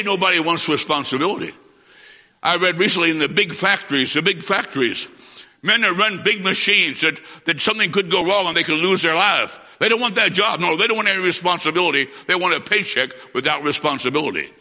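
A man's voice: high voice, lively intonation, fairly quick, pushed and bright. A middle-aged man preaching a sermon, telling a childhood story with emphatic, repeated phrases. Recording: dull recording in a reverberant hall.

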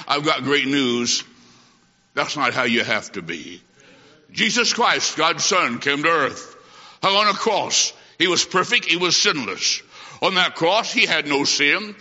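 A bright, fairly high-voiced middle-aged man preaching a revival-style sermon with a folksy, homespun manner. His voice rings out through a large hall with a long reverb, and the old recording sounds dull and lo-fi. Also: lively intonation, unhurried. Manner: folksy, addresses listener as my friend, homespun illustrations. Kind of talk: evangelistic sermon.

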